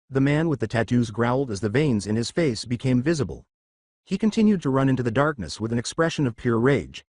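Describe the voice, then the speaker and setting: A man narrating a fan fiction story aloud, shifting his pitch for the quoted characters. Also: very animated, normal speed, no room sound, clean studio sound. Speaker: fanfic narrator. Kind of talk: reading fan fiction aloud, all parts.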